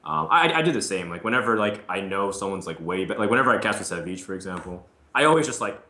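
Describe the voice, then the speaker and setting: A man chatting on a gaming panel, animated and talkative, slipping into quick impressions of others. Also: deep voice, echoey room. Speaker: Hearthstone caster. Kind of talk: casual panel chat.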